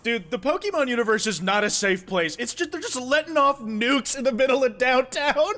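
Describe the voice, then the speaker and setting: A young man giving gameplay commentary, profane and sarcastic, with excitable asides. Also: very high-pitched, fairly quick. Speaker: gaming YouTuber.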